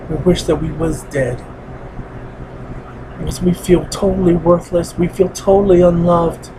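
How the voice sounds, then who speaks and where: Earnest man with a high voice, heavy-hearted solo monologue that circles back to the same points. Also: a little mellow, a little hiss or hum, low-quality recording. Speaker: vlogger. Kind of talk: personal spoken monologue.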